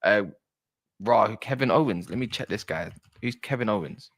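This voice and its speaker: Speaking at normal speed in a lowish voice, a chatty man from South East London hosts a football stream. His casual livestream chat includes reading messages aloud and shouting out viewers.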